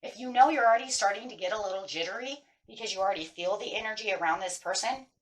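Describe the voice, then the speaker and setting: A woman's voice: mid-range voice, fast talker, poor audio. A woman tarot reader giving casual spiritual advice, earnest and emphatic, who keeps checking in with her listeners by asking "right?". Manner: earnest, emphatic, repeats key phrases.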